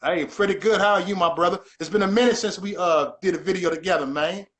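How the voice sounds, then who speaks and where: A man's voice: high voice, fast talker, a bit bright. Emphatic, repetitive man hosting a livestream. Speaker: livestream host. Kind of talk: casual livestream chat.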